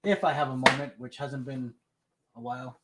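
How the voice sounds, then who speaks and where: The audio is very noisy as a Canadian man in his thirties chats on his live stream. Medium-pitched and flat in delivery at a moderate pace, he tells stories with a laugh, laughing often and repeating words.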